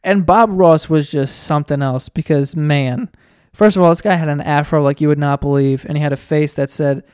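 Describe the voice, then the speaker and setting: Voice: mid-range voice, normal speed, smooth, no echo, clean studio sound. Profane rambling comedy podcaster. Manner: rambling, profane, animated storytelling. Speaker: podcast host. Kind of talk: comedic monologue.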